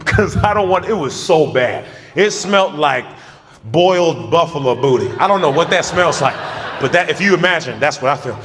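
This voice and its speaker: A man performs a stand-up story with a lively, slightly high voice. He laughs through his own lines and bursts into loud acted-out moments. The sound rings with a long reverb, with faint noise behind. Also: normal speed. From United States. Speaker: stand-up comedian.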